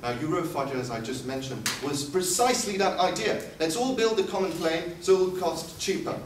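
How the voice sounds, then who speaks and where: A man delivers a formal debate speech in a somewhat high voice, slipping in dry, sarcastic jabs. He sounds distant from the mic, in a reverberant hall. A steady hum of background noise runs underneath. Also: fairly quick. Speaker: debate speaker. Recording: echoey hall from far off with noise.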